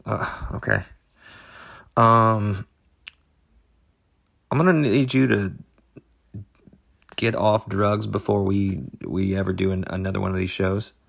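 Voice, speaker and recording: A man co-hosting an improvised comedy podcast, rambling in halting, absurd deadpan. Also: lowish voice, creaky. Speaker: podcast co-host.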